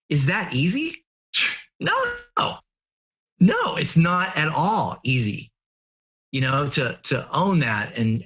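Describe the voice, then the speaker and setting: A middle-aged man talks as an interview guest in an average-pitched voice. He tells stories earnestly and with lots of animation, acting out what people said and often laughing at his own mistakes. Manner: earnest and animated, acts out quotes, laughs at himself. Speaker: interview guest, family and business coach. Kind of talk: conversational storytelling.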